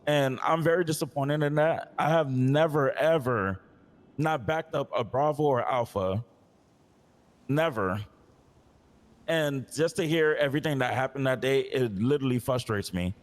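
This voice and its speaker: A man plays a police officer in a role-play game, complaining in character with frustration as he recounts past conversations in detail. His medium-pitched voice moves at normal speed and echoes in a large hall.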